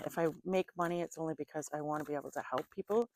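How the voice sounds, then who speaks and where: A woman's voice: lowish voice, sing-song, fairly quick. A woman in casual chat who reads tarot cards, talking chattily and laughing often between remarks. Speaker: tarot reader.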